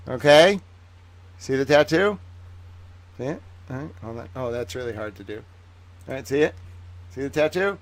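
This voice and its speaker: A man hosting a livestream, talking excitedly to his viewers in a theatrical way that swings between hushed asides and loud bursts. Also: medium pitch, moderate pace, long pauses, no echo. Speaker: livestream host.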